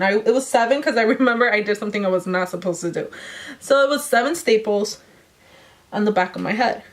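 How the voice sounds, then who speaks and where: A young woman vlogger casually telling a personal story while doing her makeup, acting out what people said. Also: mid-range voice. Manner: chatty, animated retelling with quoted voices. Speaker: beauty vlogger.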